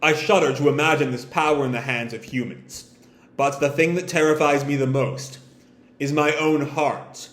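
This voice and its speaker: A man's voice: medium pitch, fairly even intonation, moderate pace, fairly bright tone, lightly acted. A man reading aloud the lines of a grave, ancient male dragon in a comic, in his own voice. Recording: echoey room.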